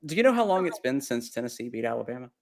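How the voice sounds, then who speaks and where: A man co-hosting a casual sports podcast, building a joke through a deadpan list of facts. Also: mid-range voice, very fast, vocal fry. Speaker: podcast co-host.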